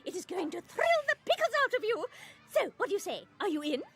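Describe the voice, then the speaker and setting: A woman's voice: extremely high pitch, sing-song, fast talker, very noisy, pitched above the performer's own voice, exaggerated voice. A woman voicing a bold, thrill-seeking cartoon girl in an eager, sing-song way.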